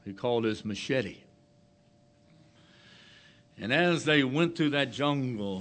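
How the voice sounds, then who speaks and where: A man preaching a sermon, slow and emphatic, rising to loud declarations and dropping to hushed phrases. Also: mid-range voice, lively intonation.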